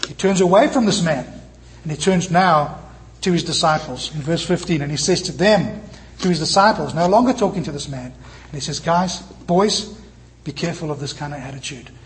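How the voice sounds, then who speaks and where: A man preaching a sermon in church, moving between lively emphatic passages and soft, tender quoted lines. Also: fairly high pitch. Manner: animated preaching, quoting scripture in soft tender tones. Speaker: pastor.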